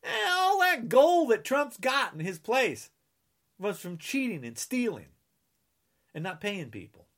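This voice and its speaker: An indignant New Jersey political commentator rants angrily, full of sarcasm, mocking refrains, and scolding aimed at his audience. He talks in an unhurried way, his high, slightly bright voice very animated.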